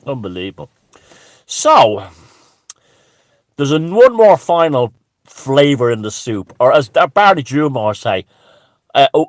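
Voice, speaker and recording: A man's voice: mid-range voice, sing-song, a little slow, pauses often, no room sound. A man delivering a crude, scornful ranting monologue as a commentator, swearing heavily. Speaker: alternative-thinking commentator.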